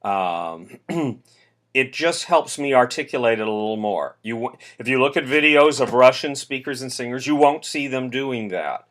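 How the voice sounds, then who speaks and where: An American man teaching singers diction, speaking in a relaxed way with fillers and demonstrating consonant sounds aloud. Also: mid-range voice, moderate pace. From United States. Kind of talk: explaining singing diction.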